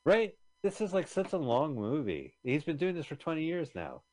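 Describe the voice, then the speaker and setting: A man's voice: a little high, wildly swooping pitch, moderate pace, a little mellow. A man co-hosting a casual podcast chat, animatedly retelling a film and swearing casually. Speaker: podcast co-host.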